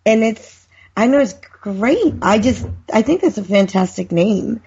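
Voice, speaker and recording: A middle-aged woman with a husky, breathy voice tells friendly, meandering stories on a casual podcast. The audio is dull and lo-fi, like an online call. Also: mid-range voice, lively intonation, darkish tone. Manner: friendly, drawn-out chatty storyteller. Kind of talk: casual chat.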